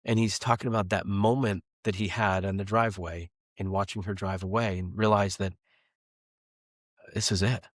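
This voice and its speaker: A man's voice: lowish voice, steady tone, brisk, hardly any pauses, no echo, clean studio sound. A man in his thirties, a podcast guest talking casually and earnestly about faith and family. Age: 30s. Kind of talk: casual conversation.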